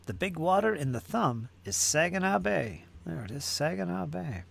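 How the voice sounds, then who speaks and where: While streaming himself painting miniatures, a man chats casually and muses aloud, reading viewer comments and repeating words to himself. His voice is fairly high and creaky, with big pitch swings at normal speed.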